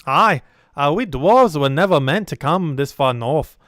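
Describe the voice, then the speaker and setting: A man voicing a gruff, stubborn male dwarf warrior with a New Jersey accent, halting with many uhs. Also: fairly high pitch, lively intonation, a bit bright, no room sound, clean studio sound.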